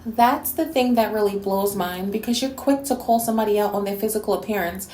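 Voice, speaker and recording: A woman's voice: medium pitch, a little fast, warm tone, reverberant. A woman from New York City hosting a response video, talking bluntly and scolding with plenty of sass. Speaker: YouTube reactor and host.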